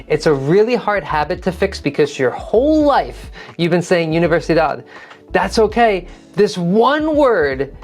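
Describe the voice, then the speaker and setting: Low-voiced woman teaching test prep. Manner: practical, encouraging, repeats key phrases to model pronunciation. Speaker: TOEFL teacher. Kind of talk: online test-prep lesson.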